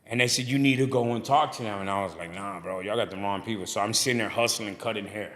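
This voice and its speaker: Speaking fast in a fairly low-pitched voice, this middle-aged podcast guest, a barbershop owner and pastor, spins stories on a casual show. He's an animated storyteller who performs the voices of the people he quotes.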